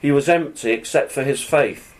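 On a rough recording, a man with a mid-range voice preaches a sermon at normal speed. He reads scripture aloud and then explains it in an earnest, conversational Bible teaching.

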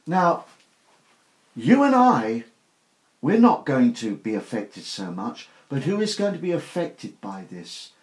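In a slow, sing-song voice of medium pitch, the older man gives an informal sermon to a small group. He asks rhetorical questions earnestly and emphatically, with roomy echo around him.

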